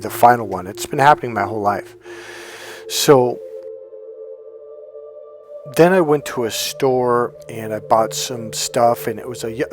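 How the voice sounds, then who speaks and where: A middle-aged man speaks in an everyday mid-range voice, coaching viewers through a casual monologue. He tells his own experiences candidly and bluntly, swearing freely as he goes. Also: mid-range voice. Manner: candid, profane storytelling.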